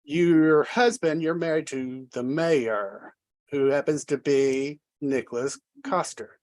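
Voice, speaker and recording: A woman from the American South with a Southern accent, hosting a casual interview, fast and friendly with easy laughs. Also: sits low, a little mellow. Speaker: host.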